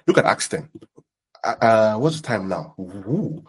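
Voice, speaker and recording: Young male pastor, husky, animated sermon delivery. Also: on the low side, unhurried. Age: young adult. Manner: animated, repeats words, many fillers.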